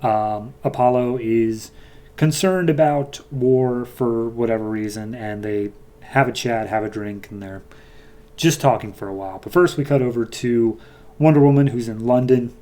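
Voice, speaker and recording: A man hosting a podcast, casually retelling a comic's plot with many fillers and quick quoted lines. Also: medium pitch, warm tone. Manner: loose, filler-heavy retelling, voicing characters lightly. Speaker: podcast host.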